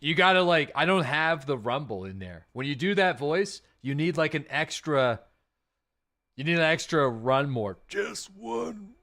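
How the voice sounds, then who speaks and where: This stream host's voice leans high and moves at a normal speed as he plays a game live, talking easily with viewers and thanking subscribers by name. Relaxed and chatty, he fills the gaps with fillers and asides to chat.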